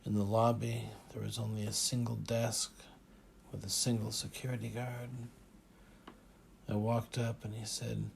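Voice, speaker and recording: A man narrating a first-person audiobook in a measured, dry manner. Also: on the low side, flat delivery, gravelly, a little mellow, slight background noise.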